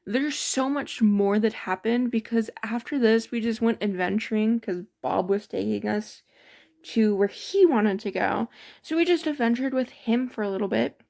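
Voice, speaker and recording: A woman with a fairly high voice recaps a tabletop game session. She talks in a loose, rambling way, often breaking into giggles. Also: creaky, darkish tone. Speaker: storyteller. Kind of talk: casual storytelling of a tabletop game.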